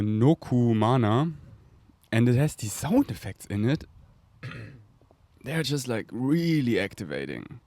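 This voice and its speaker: A German-accented man hosts a podcast in a lowish, dark voice, drifting dreamily through a casual spiritual monologue. He rambles, laughs often and makes breathy whooshing sounds.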